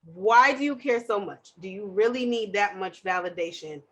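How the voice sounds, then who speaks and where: A woman hosting a podcast in casual chat, loud and passionate as she talks. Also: medium pitch, expressive, moderate pace. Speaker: podcast host.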